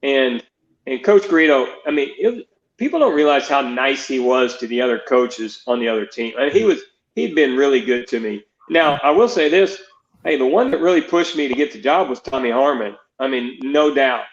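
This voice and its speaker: With an animated, mid-range voice at normal speed, an older guest who coaches baseball pitching rambles through his stories, restarting many times and voicing other people's lines. It's a storytelling interview with a roomy, dull, lo-fi sound.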